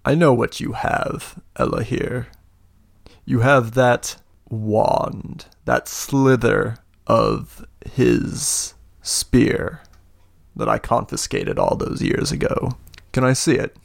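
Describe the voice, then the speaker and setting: A man voicing a big, scheming older lord with one good eye who speaks in slow, grandiose speeches and laughs deep and booming. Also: very animated, vocal fry, no echo, clean studio sound, full character voice. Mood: menacing. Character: imposing older male lord, scheming, one-eyed mentor. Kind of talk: tabletop role-play narration.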